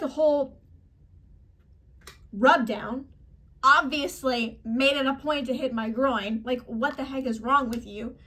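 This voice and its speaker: A woman's voice: a little high, fairly bright tone. A young woman vlogger telling an exasperated, emphatic story to camera, acting out the people she quotes. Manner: exasperated, emphatic, quoting others in acted voices. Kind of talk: casual storytime rant.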